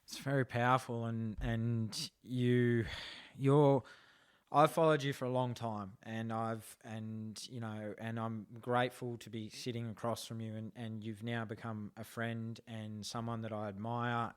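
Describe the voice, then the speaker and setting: A man's voice: mid-range voice, little pitch movement, measured pace, smooth. A man hosting an interview podcast, speaking earnestly and effusively, then reading the closing outro. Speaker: podcast host.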